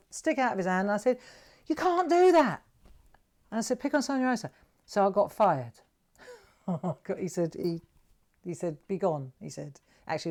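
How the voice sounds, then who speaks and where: A woman hosting a craft livestream, telling a rambling, animated story while she demonstrates. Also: fairly low pitch. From England. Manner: rambling, animated anecdotes with frequent "right?".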